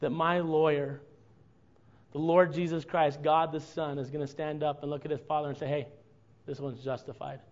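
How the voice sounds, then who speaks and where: A man preaching a sermon to his congregation, earnest and building to impassioned, drawn-out emphasis. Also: a little high, level tone, dull audio. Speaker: pastor.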